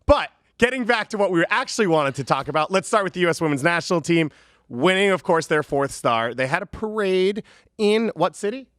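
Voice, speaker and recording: A male host opens and steers a studio talk show with brisk, wry energy. His voice sits slightly high, and the sound is close and dry. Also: lively intonation, a bit bright, no room sound. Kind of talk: casual studio chat. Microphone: studio microphone.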